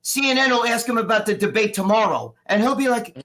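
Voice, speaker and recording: This guest is a middle-aged man recovering from surgery, chatting casually on a live stream. He rants heatedly and rambles with plenty of cursing, his high voice brisk and sharp with lively intonation.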